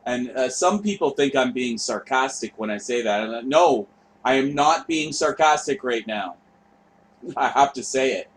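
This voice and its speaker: A man's voice: medium pitch, lively intonation, a little slow, poor audio. A man in the middle of his range talks loosely over footage as a show's host. He wanders, trails off and swears freely, with a faint hum of noise behind him. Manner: rambling, profane, offhand. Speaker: show host. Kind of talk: casual commentary over footage.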